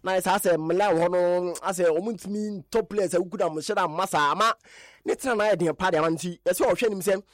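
High-voiced Ghanaian sports presenter, dry. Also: male voice, quick pace, no room sound. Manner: animated, emphatic repetitions. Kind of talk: radio sports news roundup.

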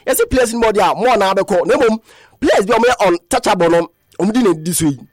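Fast, high-voiced sports newsman. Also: no echo, clean studio sound. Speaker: sports news presenter. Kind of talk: radio sports news bulletin.

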